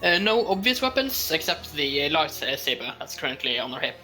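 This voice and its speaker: A man playing in an online tabletop role-playing game, describing his character in a measured way. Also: on the high side, sing-song, sharp tone, soft background music, poor audio. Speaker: player. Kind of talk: tabletop role-play chat.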